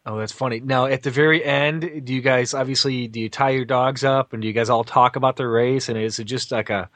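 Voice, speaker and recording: A man's voice: mid-range voice, steady tone, fairly quick, fairly bright tone, no echo. Friendly male interview host. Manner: friendly, restarts his questions. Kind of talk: casual interview chat.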